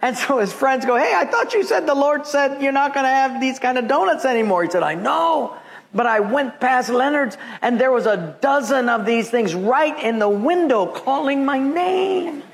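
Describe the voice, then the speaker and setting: A man preaching as a pastor, telling animated personal stories and acting out the voices of the people in them, laughing often. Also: extremely high pitch, normal speed, gravelly. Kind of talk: sermon with storytelling.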